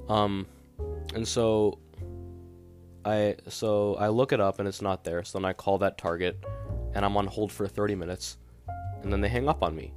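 The podcast host is a young man whose voice is deep and low. He talks casually and at length on his own, sounding fed up and packing his speech with fillers, while guitar plays distinctly in the background.

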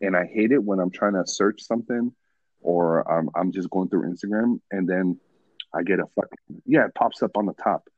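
Man, very low voice, laid-back casual podcast chat, dry dull-sounding recording. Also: normal speed, a little mellow, no room sound. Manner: laid-back, swears often, lots of bro and dude. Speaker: podcast host.

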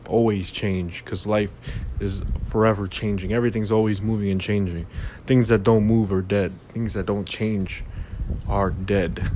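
A man's voice: lowish voice, steady tone, unhurried, darkish tone, slight background noise. A man hosting a casual motivational monologue, rambling and philosophical, with lots of "you know".

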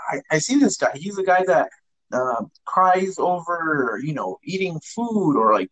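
A man's voice: on the high side, a bit bright, husky, poor audio. A young man co-hosting a casual podcast, rambling and hesitant, often restarting his sentences. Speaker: podcast co-host. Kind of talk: casual chat.

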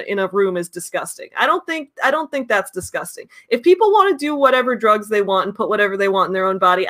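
A woman's voice: mid-range voice, fairly bright tone. A woman hosting a reaction video, commenting bluntly and indignantly with swearing on a clip.

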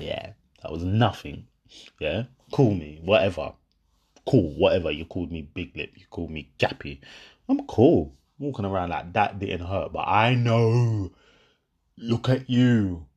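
Animated young man. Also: low-pitched, husky. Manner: animated storytelling, half-laughing, acts out both sides of a row. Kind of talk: casual monologue to viewers.

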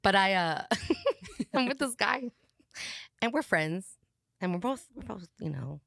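Giggly, animated woman telling a story. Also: mid-range voice, takes it slowly, vocal fry, no echo, studio quality. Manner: giggly, animated, acts out her own lines. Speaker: podcast guest. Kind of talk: casual storytelling chat.

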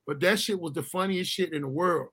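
A man's voice: fairly high pitch, brisk, slightly rough. A man telling a profane, comic childhood story in casual chat, laughing and acting out other people's voices. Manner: animated, laughs often, acts out voices, swears freely.

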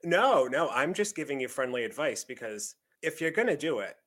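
A man's voice: on the high side, big pitch swings, moderate pace, a bit bright. A man co-hosting a podcast, teasing and coaxing his friend in casual chat, often laughing. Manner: teasing, persuasive, giggly. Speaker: podcast co-host.

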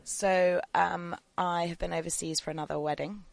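A woman, a podcast guest in casual chat, measured and mildly exasperated. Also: lowish voice, steady tone, vocal fry, no room sound.

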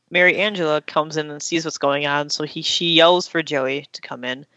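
A woman with a low, steady voice and a fairly bright tone speaks at a moderate pace while recapping a TV episode in casual chat. She retells the story and acts out the quotes. The dry recording sounds dull and slightly lo-fi.

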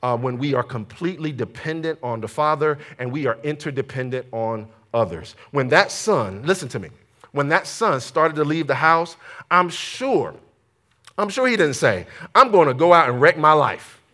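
A man preaching a sermon, telling a story with lively energy and calling on the congregation for amens. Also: medium pitch, normal speed. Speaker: pastor.

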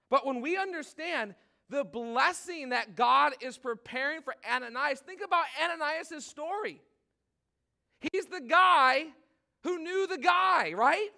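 A man in his thirties preaches with a loose, conversational energy and keeps dropping "like" as he talks to the congregation. His voice sits high for a man and has a bright, forward tone. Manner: casual, animated preaching with frequent "like". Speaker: pastor. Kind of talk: sermon.

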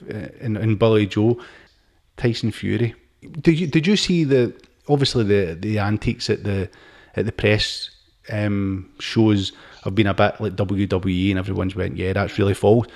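A man's voice: fairly low pitch, steady tone, normal speed, gravelly, a little mellow. A man hosting a casual sports podcast, chatty, laughing as he retells stories. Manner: chatty, laughs while retelling stories, says mate a lot. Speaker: podcast host. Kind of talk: casual chat.

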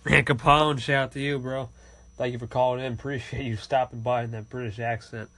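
A man's voice: mid-range voice, steady tone, brisk, pushed and bright, a little hiss or hum. A man hosting a casual podcast, thanking callers with friendly, repeated sign-offs. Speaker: podcast host reading call-ins. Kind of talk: casual call-in shout-outs.

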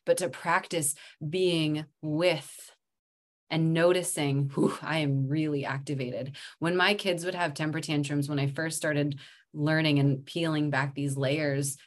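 A woman in her thirties, a mother and somatic practitioner, speaking calmly and reflectively as a podcast guest, laughing often. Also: low voice, a little slow. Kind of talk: casual podcast interview.

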